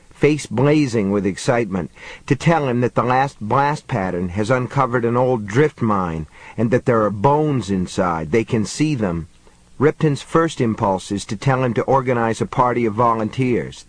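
A man narrating an audiobook in a measured, even reading. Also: medium pitch, dry recording, rough recording. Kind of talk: scripted narration.

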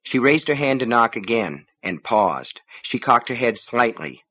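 A man reading a novel aloud as narrator, in measured storytelling. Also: mid-range voice, sing-song, pushed and bright. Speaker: audiobook narrator. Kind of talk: scripted narration.

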